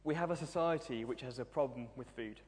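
A man's voice: mid-range voice, brisk. A young man in his twenties preaching a sermon, humorous and self-deprecating as he tells stories. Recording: long hall reverb.

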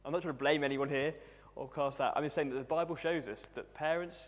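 A man's voice: fairly high pitch, fast. A young man in his twenties preaching a sermon, humorous and self-deprecating as he tells stories. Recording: long hall reverb.

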